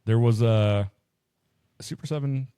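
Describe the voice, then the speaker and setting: A man's voice: mid-range voice, a little slow, warm tone, smooth, no echo, studio quality. A man co-hosting a podcast in casual chat, swearing a lot and acting out quotes as he tells stories. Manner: profane storyteller, acts out quotes. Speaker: podcast co-host.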